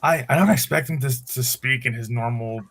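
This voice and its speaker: A man's voice: medium pitch, fairly quick, creaky, a bit bright. A man co-hosting a podcast, giving a rambling, opinionated take in casual movie review chat. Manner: rambling, opinionated, many restarts. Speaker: podcast co-host.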